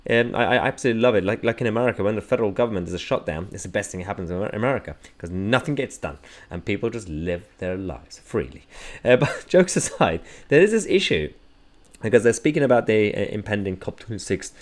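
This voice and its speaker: A man with a fairly low voice hosts a political commentary vlog. He talks in a sarcastic, mocking way, dropping chuckling asides as he goes. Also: expressive, fast. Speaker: host.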